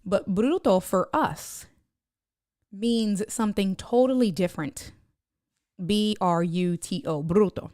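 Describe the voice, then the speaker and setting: A woman chatting on her live stream, telling a lively story, laughing often and reading viewer comments aloud. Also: mid-range voice, takes it slowly, no room sound, studio quality. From United States. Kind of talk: casual live-stream chat.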